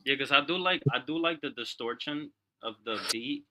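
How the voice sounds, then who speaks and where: A man's voice: medium pitch, moderate pace, sharp tone. A man hosting a music review show, chatting casually and calling everyone "bro". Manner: laid-back, peppers talk with "bro". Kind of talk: casual slangy chat.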